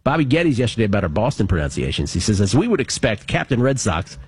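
A man's voice: fairly low pitch, very animated, fast talker, darkish tone, a little hiss or hum. A man hosting a sports talk radio show, chatting casually and reading out listener messages with wry asides.

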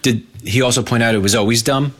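A man's voice: mid-range voice, steady tone, fast, a bit bright, no room sound. A middle-aged man hosting a radio show, chatting casually with a playful, teasing, curious manner.

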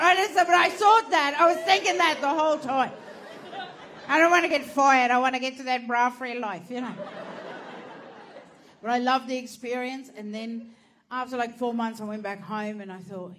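A woman's voice: sits high, moderate pace, fairly bright tone, slight background noise. A woman telling a brash, profane, self-mocking stand-up story, laughing through her lines. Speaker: stand-up comedian.

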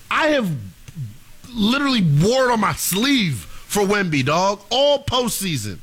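A man's voice: very high-pitched, bright, forceful tone. A young man co-hosting a sports talk show, ranting in an exasperated, emphatic way.

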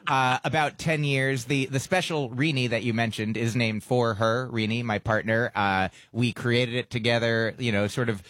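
A man's voice: mid-range voice, fairly even intonation, moderate pace, few pauses, a bit bright, dry recording. A playful man talking casually as a comedian guest, trading jokes and tangents with a dry, close studio sound. He restarts his sentences often and pokes fun at himself. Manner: self-deprecating, playful storyteller with many restarts. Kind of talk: casual radio interview chat.

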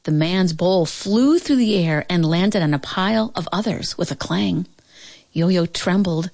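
Woman narrating a storybook, low and measured. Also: expressive, vocal fry, a little mellow. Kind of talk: storybook read-aloud narration.

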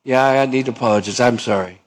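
A man's voice: medium pitch, quick pace, lightly acted, rough recording. A man voicing a contrite man who humbly and earnestly asks for forgiveness. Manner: soft, earnest pleading.

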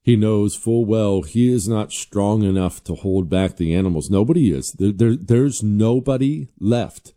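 A man's voice: on the low side, unhurried, hardly any pauses, mellow. A man hosting a talk show, giving casual political commentary with sarcastic asides. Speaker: host.

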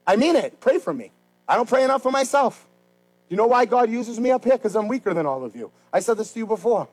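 A man preaching a sermon as pastor, swinging between loud, fervent rises and quiet, slow pleas. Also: very high voice, animated, poor audio.

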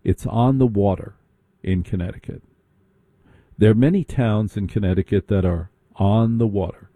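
A man's voice: on the low side, moderate pace, warm tone, dry recording. A man telling a long comic story with a mocking tone, slipping into put-on voices of the people he mocks.

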